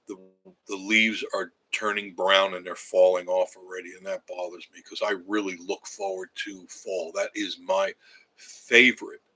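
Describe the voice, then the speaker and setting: A man's voice: on the low side, fairly bright tone, rough recording. A man, chatting casually on a livestream from his cabin and reading viewer comments aloud in a rambling way. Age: 70s. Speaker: livestream host. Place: home cabin.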